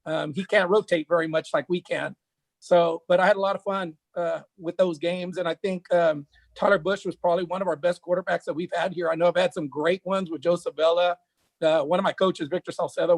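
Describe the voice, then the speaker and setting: High-voiced gravelly man coaching. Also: dry recording. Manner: rambling, with many fillers and restarts. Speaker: high school football coach. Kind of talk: casual chat.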